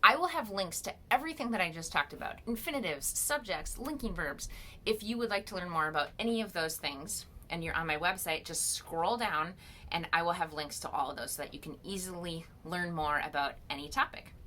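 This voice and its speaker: Lively bright-voiced woman teaching grammar. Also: fairly low pitch, brisk, a little hiss or hum. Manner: patient, explains step by step with questions. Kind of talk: screen-recorded grammar lesson.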